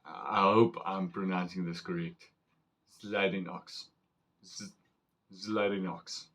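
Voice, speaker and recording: Male knife reviewer, low and slow delivery, casual and rambling. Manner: chatty and excitable, rambling with fillers. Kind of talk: casual unboxing chat.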